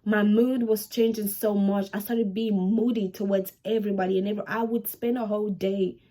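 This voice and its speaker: A woman in her twenties talking casually to camera in a home vlog, animated and chatty, repeating herself for emphasis. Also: medium pitch, moderate pace. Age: 20s. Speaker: vlogger.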